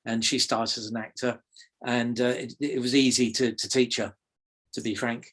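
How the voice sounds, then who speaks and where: A man's voice: medium pitch, flat delivery, normal speed, a bit bright, slightly rough. Hesitant English man with filler words. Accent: English, softened toward RP. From South London, England. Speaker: magic teacher, guest. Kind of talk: conversational interview.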